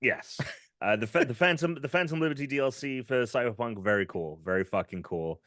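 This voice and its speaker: A man's voice: mid-range voice, brisk, fairly bright tone, no room sound, clean studio sound. A British man co-hosting a casual gaming podcast, rambling with lots of fillers as he enthuses. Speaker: podcast co-host.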